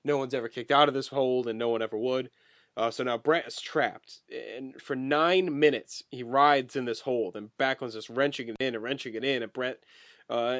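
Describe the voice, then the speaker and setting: A man co-hosting a podcast, walking through a wrestling match blow by blow in relaxed, casual chat with occasional swearing. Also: medium pitch, dry recording, clean studio sound. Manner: detailed play-by-play recounting, swears casually. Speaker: podcast co-host.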